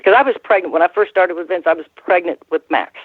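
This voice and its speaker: A woman's voice: on the low side, fast talker, slightly rough, no echo. A woman in her sixties, a guest on an interview, telling stories in a rambling way with many restarts and laughs. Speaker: guest, former wrestling ring announcer. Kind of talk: casual interview storytelling. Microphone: phone call. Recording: tinny phone line, dry.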